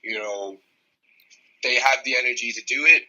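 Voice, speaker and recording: A man's voice: mid-range voice, normal speed, pushed and bright, lo-fi sound. A young man in his twenties with an Irish accent, a strength coach talking bluntly and frankly as a podcast guest, swearing freely. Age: 20s. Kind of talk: casual podcast conversation.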